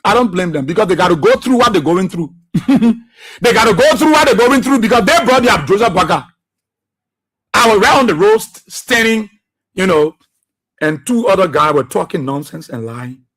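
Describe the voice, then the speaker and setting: A man's voice: high voice, expressive, moderate pace, a bit bright, breathy edge. A man with a Liberian English accent, hosting a radio talk show and delivering impassioned, repetitive political commentary.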